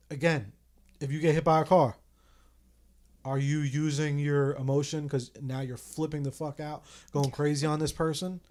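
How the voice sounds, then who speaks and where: A man's voice: mid-range voice, darkish tone. A man in his thirties hosting a casual podcast chat, candid and reflective, swearing casually as he talks. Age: 30s. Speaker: podcast host.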